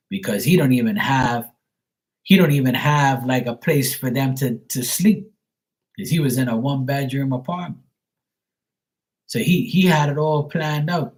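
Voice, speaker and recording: A man, rambling bluntly and profanely in a casual live-stream talk. He restarts his sentences often and acts out quick quotes from kids and fathers. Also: medium pitch, rough recording. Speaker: tarot reader on a livestream.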